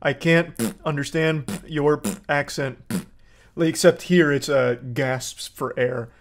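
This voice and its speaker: Man, sarcastic reaction commentary, animated, slightly high voice. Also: takes it slowly.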